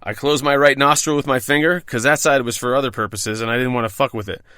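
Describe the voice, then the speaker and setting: A medium-pitched man speaks quickly in a steady, sharp, clean tone, recorded dry at studio quality. He's a podcast host reading his scripted first-person bartending stories, wry, profane and self-deprecating throughout.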